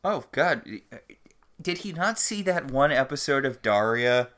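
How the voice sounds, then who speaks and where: A woman's voice: extremely low pitch, animated, unhurried, a bit bright. A woman co-hosting a podcast, chatting casually about a TV episode and throwing in dry, wisecracking asides. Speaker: podcast co-host. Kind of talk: casual chat recapping a TV episode.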